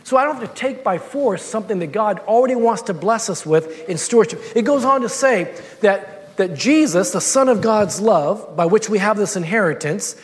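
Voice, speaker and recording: A man's voice: high-pitched, lively intonation, moderate pace, hardly any pauses, in a large hall. A man preaching a sermon, telling a personal story with many repeated words and restarts.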